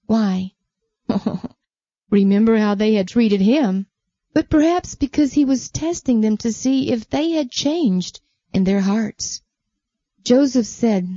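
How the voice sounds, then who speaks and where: A woman telling a Bible story to children, gently asking them questions along the way. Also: medium pitch, slow, dry recording, highs cut off.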